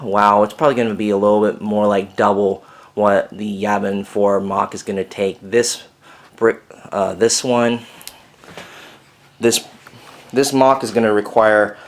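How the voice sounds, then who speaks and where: A young man with a somewhat low voice talks casually and at length in his bedroom. His delivery rambles, full of "uh" and "you know" as he loops back on himself. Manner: rambling, chatty, many fillers. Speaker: Lego builder vlogger. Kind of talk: casual video update. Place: bedroom at home.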